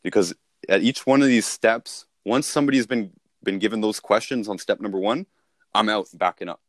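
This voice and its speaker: A man's voice: on the low side, normal speed, dry recording, clean studio sound. A man talking casually as a sales coach, repeating and restarting himself as he explains.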